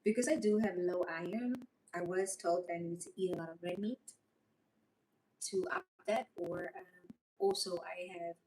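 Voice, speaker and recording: A woman's voice: lowish voice, normal speed. A woman chatting on a livestream, rambling and emotional. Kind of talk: casual livestream chat reading comments. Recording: voice a bit far from mic, faint noise.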